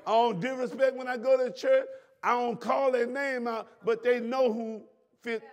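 A man preaching a sermon as pastor, repeating lines and breaking into shouts at the congregation. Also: very high voice, fairly even intonation, normal speed. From Southern United States.

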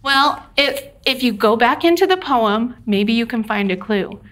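Slow, patient woman teaching young children. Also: fairly high pitch, expressive, fairly bright tone. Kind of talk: children's lesson.

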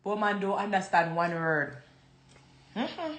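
A woman's voice: mid-range voice, big pitch swings, slow pace, a bit bright, reverberant. A Jamaican woman hosting a casual livestream chat, talking freely and slipping into patois. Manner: chatty, slips into patois. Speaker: livestream host.

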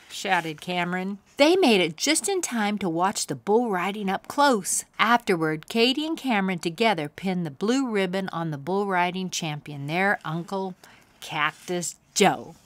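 Expressive woman reading a children's book. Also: medium pitch, no echo. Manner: expressive, animated storytelling. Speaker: storyteller.

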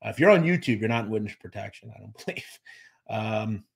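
A man's voice: fairly low pitch, expressive, fairly quick, vocal fry, husky. A man hosting a live show, chatting casually, reading viewer comments and thanking them by name, with lots of fillers and restarts. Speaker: podcast host reading live chat. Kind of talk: casual livestream chat.

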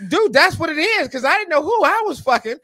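A high, lively male voice that leaps all over the place while he hosts a podcast. He grills and teases his guest loudly, with plenty of profanity. The sound is close and dry, with no room around it. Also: a little fast, no room sound. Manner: loud, animated, profane teasing and cross-examining. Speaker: host. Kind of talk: casual podcast banter.

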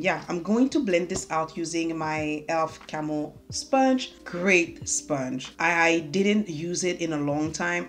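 A young woman, talking casually and joking at herself as she does a makeup tutorial at home. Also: deep voice. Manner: chatty, self-mocking, talks while doing makeup. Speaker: beauty vlogger. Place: home room. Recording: faint music underneath.

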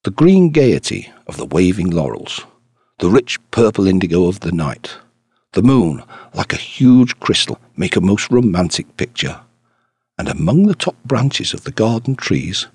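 A man narrating a classic detective story audiobook in an expressive storytelling manner. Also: deep voice, a little slow, husky, no room sound, studio quality. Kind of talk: scripted narration.

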